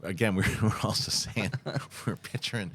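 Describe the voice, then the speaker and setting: A man hosting a podcast, telling stories in an animated way and laughing often. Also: lowish voice, moderate pace, vocal fry, heavy background noise. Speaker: podcast host. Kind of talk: casual chat and sponsor read.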